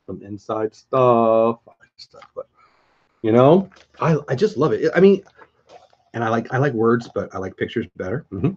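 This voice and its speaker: A man's voice: medium pitch, animated, measured pace, long pauses, darkish tone, lo-fi sound. A man hosting a casual livestream, chatting enthusiastically and greeting viewers by name as he talks.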